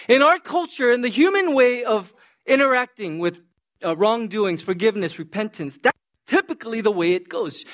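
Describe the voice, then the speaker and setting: A male pastor preaching a sermon, telling an animated story that he acts out and checking in with his listeners. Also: high voice.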